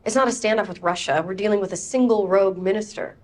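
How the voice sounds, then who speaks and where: An actress playing a government analyst who lays out her reasoning in a measured, urgent way. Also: medium pitch, darkish tone, natural voice. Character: analytical woman government advisor. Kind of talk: film dialogue.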